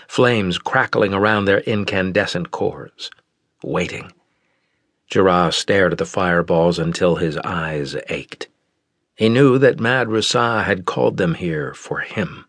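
A man narrating a science fiction audiobook in a measured, steady way. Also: low-pitched, no room sound, studio quality. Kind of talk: scripted narration.

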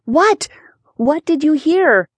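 A woman's voice: slow, no echo. A woman voicing an eager, spunky nine-year-old girl detective in a children's audiobook. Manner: excited and eager, high squealing lines.

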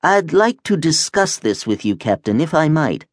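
A male narrator voicing the wub, a large, courteous, good-natured alien creature with a mild, unhurried way of speaking. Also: fairly high pitch, very animated, dry recording, clean studio sound, voice pushed up.

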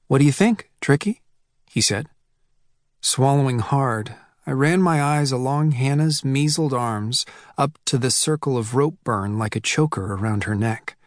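A man narrates a first-person novel in a measured, reflective way, with a mid-range voice. He reads into a close mic in a dry booth with no room sound. Quoted lines come out a little raised. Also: mid-range voice, no echo. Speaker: audiobook narrator. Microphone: close studio mic.

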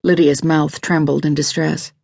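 Audiobook narrator, a woman, low and husky; steady, dry studio sound. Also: normal speed, no room sound. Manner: steady, even reading. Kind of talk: scripted narration.

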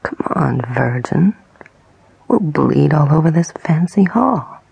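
A menacing male attacker speaks in a harsh, breathy whisper from an audiobook, with a woman narrator putting on his voice. His orders come slow and low. The recording is close and dry. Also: expressive, darkish tone, no room sound, highs cut off, exaggerated voice. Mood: commanding. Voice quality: breathy and husky. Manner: harsh, taunting, commanding. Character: cruel menacing male attacker, young adult. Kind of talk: whispered role-play.

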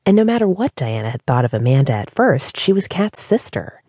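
A woman narrating an audiobook in an expressive storytelling manner. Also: very deep voice, a little fast, husky, no room sound, studio quality.

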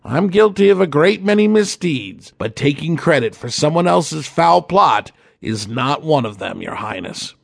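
A man voicing a bold, gruff male pirate captain in a children's storybook, swaggering and commanding. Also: on the high side, big pitch swings, unhurried, dry recording, studio quality, full character voice. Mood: proud.

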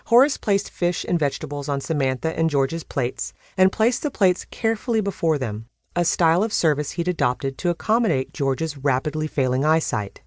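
Audiobook read: woman narrator, lower voice, very lively delivery, dry close studio sound. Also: moderate pace, no room sound. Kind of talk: scripted narration.

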